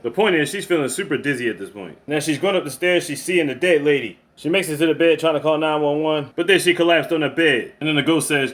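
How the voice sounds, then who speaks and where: A man talks through a movie plot at a rapid clip. His voice sits a little high for a man. He cusses freely and loudly reacts to the scenes. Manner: switches into quoted character voices. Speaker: movie reviewer. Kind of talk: casual spoiler recap.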